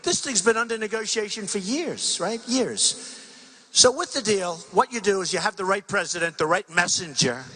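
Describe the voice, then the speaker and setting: Man, high bright voice, campaign rally speech, rambling, repetitive, acts out dialogues, large rally venue. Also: animated, normal speed. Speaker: political candidate.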